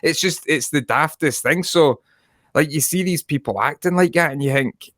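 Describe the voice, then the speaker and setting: A man's voice: medium pitch, normal speed, fairly bright tone, no room sound, clean studio sound. A Scottish man co-hosting a podcast over a video call, rambling and swearing in casual chat with frequent laughs. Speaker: podcast co-host.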